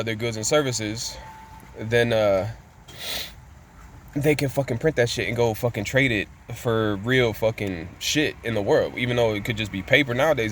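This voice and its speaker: Blunt, cursing male commentator, mid-pitched, recorded outdoors near traffic. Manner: blunt, profane, ranting. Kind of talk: casual monologue.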